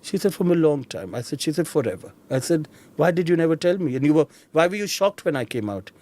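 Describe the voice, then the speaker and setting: A man's voice: fairly high pitch, fast talker. A middle-aged man with an Indian accent, telling personal stories as an interview guest and acting out the voices of the people in them. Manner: animated, mimics voices of people in his stories. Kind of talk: personal storytelling.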